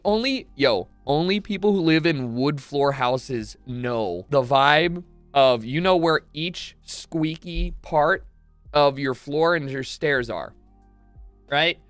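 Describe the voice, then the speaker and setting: A man's voice: fairly high pitch, dry recording. A young man in his twenties, a streamer telling a comic story with swearing and acted-out quotes. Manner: swearing, excitable, acts out quotes. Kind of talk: animated comedic storytelling.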